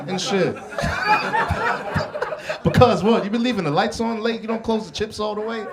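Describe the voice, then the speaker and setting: A man's voice: sits high, brisk, long pauses, very noisy. A young man from the Bronx, doing a brash, profane stand-up set and teasing the crowd from a club stage. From the Bronx, New York. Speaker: stand-up comedian. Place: comedy club stage before a live audience.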